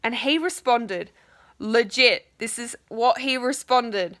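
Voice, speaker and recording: In a casual ranting vlog, a young woman speaks slowly in a slightly high, bright and forward voice, addressing viewers directly. Frustrated, she curses a lot and mimics what others told her, in a dry, close recording without room sound.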